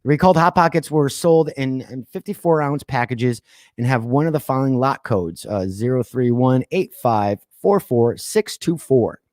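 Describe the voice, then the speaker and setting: A man hosting a podcast, reading odd news stories aloud and breaking off into sarcastic asides, laughs and deliberate quiet pauses. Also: mid-range voice, animated, dry recording, studio quality. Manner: reads news items then riffs with sarcastic asides and laughs; drops to quiet voice for dramatic pauses. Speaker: podcast host. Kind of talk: casual news commentary.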